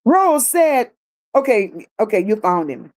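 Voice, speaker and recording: A woman's voice: on the high side, sing-song, takes it slowly, darkish tone. A woman hosting a livestream, reading viewer comments aloud and answering them bluntly, with sassy repeated phrases. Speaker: livestream host.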